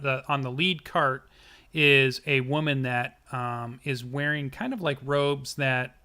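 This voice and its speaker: A man running a tabletop game with a bright, forceful voice. He narrates loosely, with frequent pauses and fillers. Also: medium pitch. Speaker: game master.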